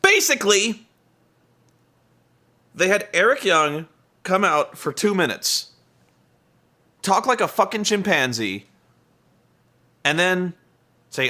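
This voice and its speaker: A man's voice: sits high, big pitch swings, slow, pauses often, sharp tone. A man giving a profane, exasperated comedic rant while recapping a wrestling show, mimicking wrestlers.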